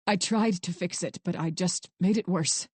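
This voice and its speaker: A woman voicing a guilt-ridden adult man who confesses in a low, halting, strained voice. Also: a little mellow, husky, dry recording. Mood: ashamed.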